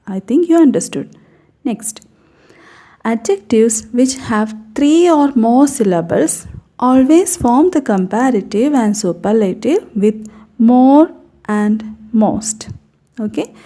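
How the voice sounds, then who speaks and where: A woman's voice: a little high, dark tone. A woman teaching an English grammar lesson, patiently repeating example words and checking in with "okay" as she explains.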